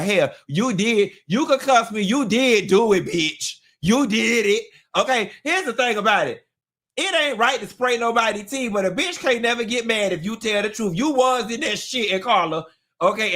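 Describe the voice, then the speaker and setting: A man hosting a live gossip talk show, sassy and animated, with sudden squealing jumps in pitch. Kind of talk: live-stream gossip commentary.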